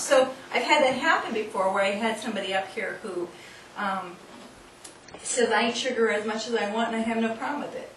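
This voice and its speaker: A woman's voice: on the high side, a little fast, a bit bright. Echoey, distant woman leading a workshop. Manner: instructive, coaxing, laughs often. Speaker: seminar speaker. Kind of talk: live workshop demonstration. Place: hall with an audience. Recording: distant, echoey room recording with noise.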